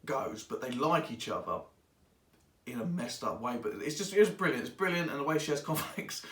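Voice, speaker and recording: Casual male reviewer, rambly and animated, recorded in an echoey room. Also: medium pitch, moderate pace, far from the mic. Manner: rambling and excitable, acts out characters in quotes. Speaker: book reviewer. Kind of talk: casual spoken book review. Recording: echoey room, voice away from mic.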